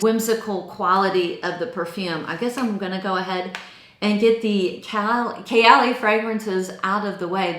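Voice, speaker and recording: A woman's voice: on the low side, fairly bright tone. Chatty woman reviewing perfumes, roomy echo. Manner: chatty, enthusiastic, describes scents in detail. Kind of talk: casual product review.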